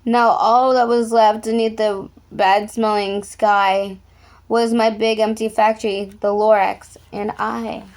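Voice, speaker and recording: A woman reading a rhyming picture book aloud with an even, rhythmic delivery. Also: mid-range voice, slow. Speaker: storyteller.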